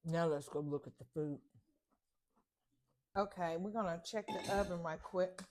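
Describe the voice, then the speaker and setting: In a home kitchen, a grandmother vlogs her morning routine, narrating casually and chatting to herself over the chores. She speaks at a measured pace in a lowish voice against a noisy background.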